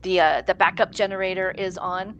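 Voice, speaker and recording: A woman's voice: fairly low pitch, fairly even intonation, brisk, slight background noise, low-quality recording. A woman co-hosting a podcast, chatting casually as she recaps a TV episode and acts out the characters' lines. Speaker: podcast co-host.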